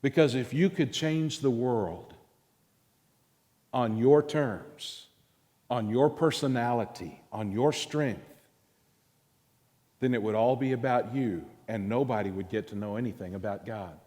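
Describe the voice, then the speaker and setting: A male pastor with a drawl preaches in a deliberate, unhurried way, leaning hard on single words. His mid-pitched voice rings out through a big church hall with a long echo trailing after each phrase. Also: warm tone. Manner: slow, emphatic preaching with stressed words and pauses. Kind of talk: sermon. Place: church sanctuary. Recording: long reverb of a large hall.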